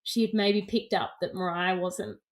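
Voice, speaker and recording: A woman's voice: mid-range voice, steady tone, normal speed. A woman co-hosting a podcast, telling gossip stories in casual chat and laughing often. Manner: chatty storyteller, laughs often. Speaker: podcast co-host.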